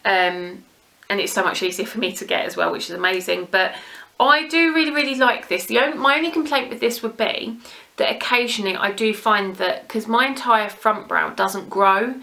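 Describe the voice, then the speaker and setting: Bright-voiced chatty British woman vlogger. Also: mid-range voice, moderate pace, gravelly. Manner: chatty, rambling, gushing. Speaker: beauty vlogger. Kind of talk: casual chat to camera.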